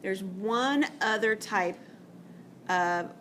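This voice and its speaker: A woman teacher talks a class through a math lesson, chatty and patient, often checking in with her students. Her voice sits in a middle pitch. A faint hiss of background noise runs under the classroom recording. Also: very slow, fairly bright tone. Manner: chatty, explains step by step with frequent "okay?" checks. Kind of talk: classroom lecture.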